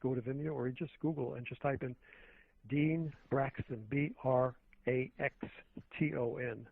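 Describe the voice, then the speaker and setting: A man's voice: medium pitch, fairly even intonation, moderate pace, gravelly, no room sound. A man, a radio show guest, talking earnestly and at length, with many restarts, over a phone line. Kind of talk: phone-in talk radio conversation. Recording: tinny phone line, dry.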